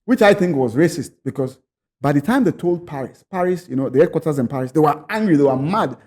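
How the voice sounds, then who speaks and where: This Nigerian man, a podcast guest, tells a personal story with lively energy, acting out other people's voices and now and then repeating words. He talks fast, and his voice sits on the high side.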